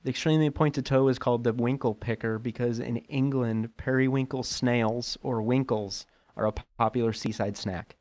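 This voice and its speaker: A man's voice: mid-range voice, fairly even intonation, normal speed, hardly any pauses, a little mellow. A young man co-hosting a casual podcast, laid-back, reading aloud with stops and swearing. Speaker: podcast co-host. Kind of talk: casual chat.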